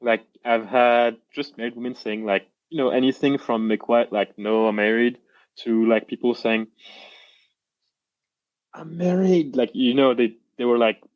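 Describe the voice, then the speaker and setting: A man's voice: mid-range voice, flat delivery, no room sound. Rambling young man, dull lo-fi sound. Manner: rambling, halting restarts, reenacts quotes. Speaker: coaching client, guest. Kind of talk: casual interview.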